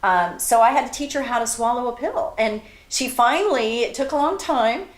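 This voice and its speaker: A woman's voice: fairly high pitch, expressive, moderate pace. Chatty middle-aged mother, echoey room. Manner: warm storytelling mother, chatty and reminiscing. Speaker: host. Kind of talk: casual chat.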